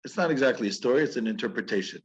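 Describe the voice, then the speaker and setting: A man, a rabbi, teaching through stories in an animated, conversational way that is sprinkled with chuckles. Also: mid-range voice, rapid-fire, slightly rough, dull audio. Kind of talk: storytelling lecture.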